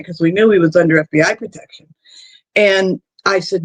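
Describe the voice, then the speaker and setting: Live stream host, male, high voice, dry close sound, rambling anecdotal talker. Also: a little fast, fairly bright tone, no echo. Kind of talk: casual chat on a live stream.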